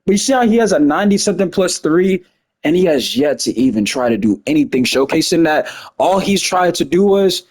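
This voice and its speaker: A man with a fairly high, very lively voice talks viewers through a game replay. His speech is fast, emphatic and conversational. He keeps checking in with them as he makes his points. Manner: fast-talking, emphatic, keeps asking "you see what I'm saying". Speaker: gaming video commentator. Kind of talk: casual gameplay breakdown.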